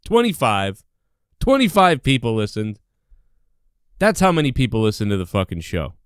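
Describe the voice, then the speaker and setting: A man's voice: mid-range voice, very animated, moderate pace, clear, resonant tone, no echo, studio quality. A man hosting a podcast, ranting angrily and sarcastically with constant swearing. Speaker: podcast host. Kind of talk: profane ranting monologue.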